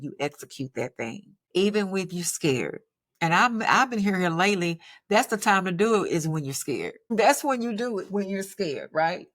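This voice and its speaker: A woman's voice: lowish voice, a bit bright, dry recording. A woman talking to her viewers about her faith, emphatic and preachy, often asking "right?" and saying "y'all". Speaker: faith vlogger and filmmaker. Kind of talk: casual faith talk to viewers.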